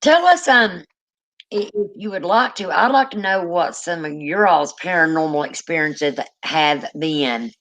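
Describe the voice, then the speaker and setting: A woman's voice: lowish voice, lively intonation, unhurried, a bit bright, low-quality recording. An older woman with a grandchild, chatting casually on a live stream, rambling, trailing off and yawning. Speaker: co-host.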